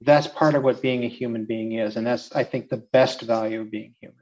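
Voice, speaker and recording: A man, a philosopher guest, explaining ideas in a measured, thoughtful way. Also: medium pitch, steady tone, darkish tone, highs cut off. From United States. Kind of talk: reflective interview talk.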